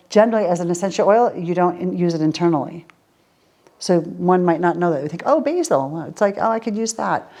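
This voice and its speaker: A woman's voice: lowish voice, darkish tone. A woman teaching a casual question-and-answer class, explaining with everyday examples and asking her listeners rhetorical questions. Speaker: essential oils teacher. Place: group class with students.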